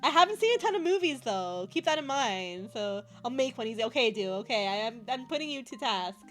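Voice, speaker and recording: A woman's voice: fairly high pitch, sing-song, fairly quick, soft background music. A woman live streamer chatting casually with her viewers, playful and a bit loopy, laughing constantly as she talks.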